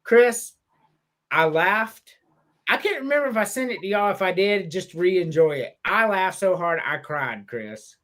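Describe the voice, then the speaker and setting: A male podcast host chats casually, laughing and cursing as he tells stories. His pitch rises and falls all over the place. He sounds relaxed and playful. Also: measured pace. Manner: animated, laughing, profane storytelling.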